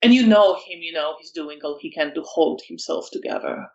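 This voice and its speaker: A storyteller narrating a vampire tabletop game in slow, descriptive lines with fillers. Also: mid-range voice, animated, gravelly, a little mellow, lo-fi sound.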